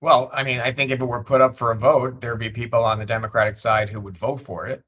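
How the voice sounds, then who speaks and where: A man who is a state legislator, a guest on a political interview show, making his points in a measured way and often repeating words as he builds them. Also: mid-range voice, flat delivery, fairly bright tone.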